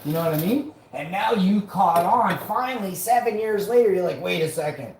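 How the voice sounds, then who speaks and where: A man's voice: high-pitched, moderate pace, slight background noise. A man hosting a live show, ranting in a profane, combative and mocking way. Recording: roomy echo.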